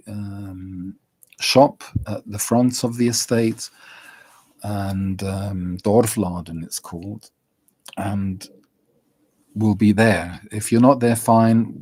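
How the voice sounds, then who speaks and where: Slow, rambling low-voiced man. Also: darkish tone, husky, dry recording. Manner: rambling, chuckles often, many fillers. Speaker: vlogger. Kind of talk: casual storytelling.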